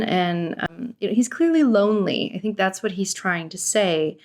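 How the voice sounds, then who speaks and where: Brief: young woman vlogger, middle-pitched voice, sarcastic and exasperated reacting to a show. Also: expressive, normal speed, few pauses. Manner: exasperated, sarcastic, outspoken with swearing. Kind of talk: casual reaction commentary.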